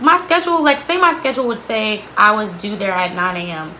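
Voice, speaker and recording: A woman's voice: mid-range voice, fairly quick, sharp tone, a little hiss or hum, low-quality recording. A young woman vlogger telling a candid storytime about an old job, blunt and sweary, with lots of "like.". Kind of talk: storytime vlog.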